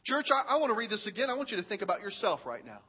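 A man preaching a sermon to his church, reading scripture with animated, dramatic swings in loudness. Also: sits high, racing, breathy edge. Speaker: pastor. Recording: dull sound with long hall reverb.

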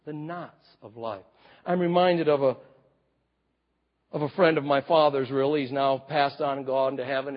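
A man in his fifties preaching a sermon, telling stories and swinging from booming to hushed. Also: breathy edge. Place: large church hall. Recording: reverberant hall, slightly dull sound.

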